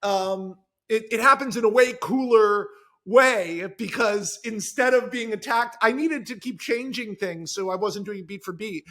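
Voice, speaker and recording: High-voiced man excitedly recounting a script. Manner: fast, enthusiastic storytelling with many restarts. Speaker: screenwriter guest. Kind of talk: podcast conversation.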